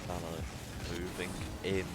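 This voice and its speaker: A man with an Irish accent giving play-by-play esports commentary, lifting to excited calls at big plays. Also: low voice, slow pace, over loud music. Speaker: esports caster. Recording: noisy background.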